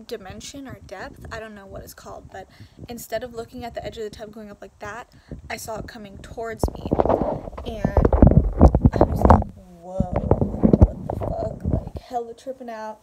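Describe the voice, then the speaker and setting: A woman's voice: on the high side, very noisy. A young woman casually telling a story to camera at home, rambling with fillers and swearing. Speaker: vlogger. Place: home room.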